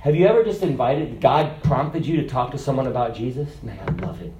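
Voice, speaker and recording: A man preaching a sermon, moving from loud, emphatic lines to soft, low asides. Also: animated, a little fast, slight background noise. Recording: echoey hall.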